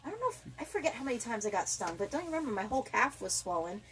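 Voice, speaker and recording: A woman co-hosting a casual chat, telling stories in a chatty, animated way. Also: a little high, rapid-fire. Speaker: podcast co-host.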